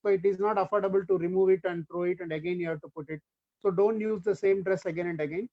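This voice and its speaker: Indian man, high-voiced webinar speaker, rambling, lo-fi call audio. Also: fairly even intonation, gravelly, no room sound. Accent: Indian English. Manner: fast, rambling, many fillers. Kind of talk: lecture over a video call. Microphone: computer or headset mic on a video call. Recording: dull, lo-fi video call audio.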